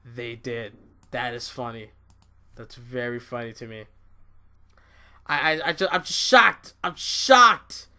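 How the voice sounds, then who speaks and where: A young man giving a casual, excitable wrestling review, repeating himself, swearing and laughing at his own points. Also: mid-range voice, slow, long pauses, smooth.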